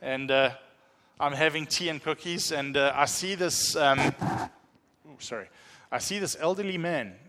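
A man telling a humorous, animated testimony as a pastor in a church. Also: fairly high pitch, in a large hall. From South Africa. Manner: animated storytelling, self-deprecating humor. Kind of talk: sermon testimony.

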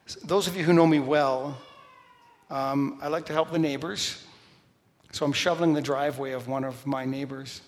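A middle-aged man preaching a sermon, telling stories with lively shifts and sudden shouted lines. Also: medium pitch, normal speed. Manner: storytelling, animated, shouts quoted lines. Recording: long hall reverb.

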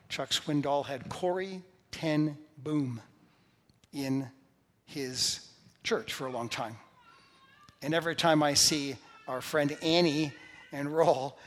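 A pastor delivers an emphatic sermon, repeating key phrases to drive each point home. His voice sits a little high for a man. It rings out with the long reverb of a large church sanctuary. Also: a bit bright.

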